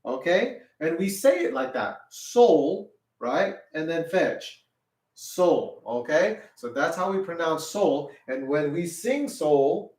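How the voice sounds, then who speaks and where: A middle-aged man teaching a children's music lesson, patiently explaining each point, checking "okay?" and singing the syllables in a high voice. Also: big pitch swings, slow pace, a little mellow, far from the mic. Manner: sings solfege syllables in a high voice. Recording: roomy sound, a little off-mic.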